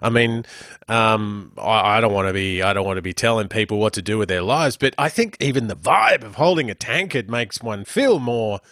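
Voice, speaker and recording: A man co-hosting a podcast, his pitch swinging freely as he teases and jokes. The recording is close and dry, with no room sound. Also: moderate pace, no room sound. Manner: animated, teasing, joking. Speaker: podcast co-host. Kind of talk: casual banter.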